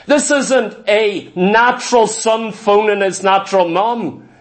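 High-voiced preacher. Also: male voice, takes it slowly. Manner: storytelling, emphatic, repeats phrases. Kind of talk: sermon. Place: church.

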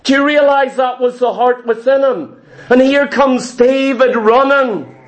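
A man's voice: extremely high pitch, unhurried. A man preaching a sermon to a congregation, with an emphatic, repetitive cadence.

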